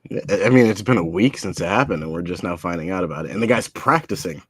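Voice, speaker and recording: A man co-hosting a sports podcast, talking in a measured, steady way about the team's season. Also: low voice, slightly rough, no room sound. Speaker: podcast co-host. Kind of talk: casual sports talk.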